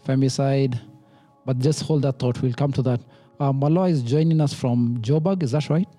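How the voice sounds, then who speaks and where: A man from Kenya hosting a podcast in casual chat, playful and quick to laugh. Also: mid-range voice, fairly even intonation, dark tone, soft background music. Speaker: podcast host.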